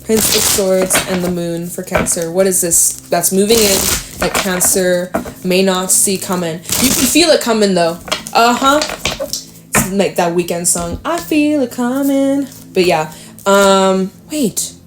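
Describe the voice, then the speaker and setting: A young woman doing a casual tarot reading, chatty and thinking out loud with sudden exclamations. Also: medium pitch, a little slow, background noise. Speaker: tarot reader.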